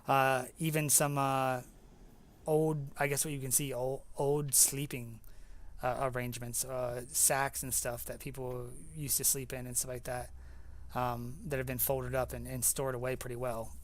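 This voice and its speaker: A young man narrating as game master in a tabletop game, halting and full of fillers. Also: medium pitch, level tone.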